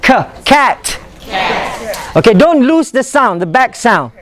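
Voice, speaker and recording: A man's voice: extremely high pitch, big pitch swings, slow pace, a crowd in the background. A man with a Malaysian accent teaching a pronunciation workshop, drilling sounds by repeating words and often chuckling. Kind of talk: live classroom teaching. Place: workshop room full of students. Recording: students chattering in background.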